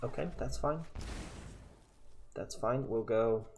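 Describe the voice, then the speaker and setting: A man's voice: medium pitch, takes it slowly. A man casually commentating his own card game match, chatty and sarcastic, thinking aloud as he plays. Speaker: gaming content creator.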